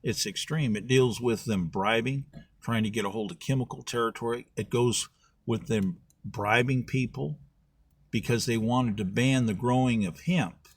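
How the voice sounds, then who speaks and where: Husky-voiced man telling folksy political history. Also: medium pitch, moderate pace, no echo. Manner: folksy, acts out voices in his stories. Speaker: political candidate. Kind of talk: storytelling political talk.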